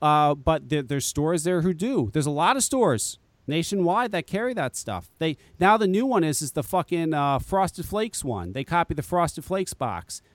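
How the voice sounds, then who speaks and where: Man, podcast co-host, high voice, profane exasperated rant, dry sound. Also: sing-song, normal speed, few pauses, no echo. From Connecticut, US. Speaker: podcast co-host, vape shop owner. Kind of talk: casual podcast chat.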